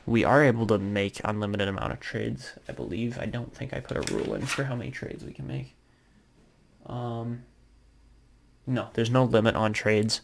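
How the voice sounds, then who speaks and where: A young man with a fairly low voice and a gravelly, creaky edge talks through his game in a relaxed way. He thinks aloud and fills pauses with ums and uhs as he plans. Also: a little hiss or hum. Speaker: gaming YouTuber. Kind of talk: casual gameplay commentary.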